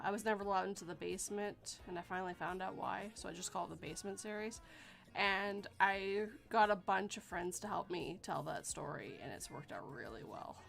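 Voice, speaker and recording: A woman hosting a casual podcast, chatty and quick to laugh. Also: mid-range voice, gravelly, fairly bright tone. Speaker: podcast host.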